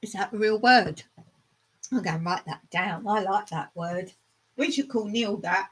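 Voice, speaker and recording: Woman, live streamer casual, meandering chat, laughs a lot, slow delivery. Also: medium pitch, slightly rough, rough recording. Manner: chatty, rambling, laughs often. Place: rural smallholding.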